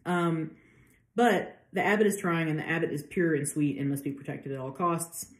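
A woman's voice: low-pitched, moderate pace, roomy sound. A woman giving a casual literature lecture, chatty with many fillers, acting out quotes as she goes. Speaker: literature professor.

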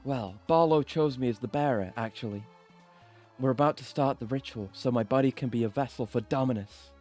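A man's voice: medium pitch, a little fast, darkish tone, faint music behind, close to an everyday voice. A man voicing a solemn, devoted young woman warrior as he reads game dialogue aloud on stream, in a cool, earnest, formal manner.

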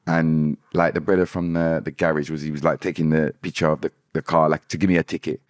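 A man's voice: rumbling low, level tone, fast, dry recording, clean studio sound. A young British man, a dancehall artist and podcast guest, telling his story candidly with many restarts and repeated words. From Britain. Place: podcast studio.

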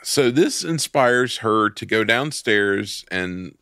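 Slow gravelly man recapping a movie. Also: on the low side, lively intonation, sharp tone, no room sound, studio quality. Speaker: film podcast co-host. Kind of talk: casual movie recap chat.

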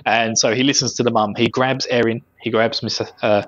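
A man's voice: mid-range voice, little pitch movement, a little fast, highs cut off. A man co-hosting a casual podcast, chatting loosely and laughing often. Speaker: podcast co-host. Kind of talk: casual chat.

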